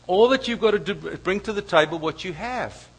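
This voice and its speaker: A man preaching a sermon, telling family stories with lively asides to the audience. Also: high-pitched, a little fast, breathy edge. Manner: storytelling, animated asides to the audience. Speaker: pastor.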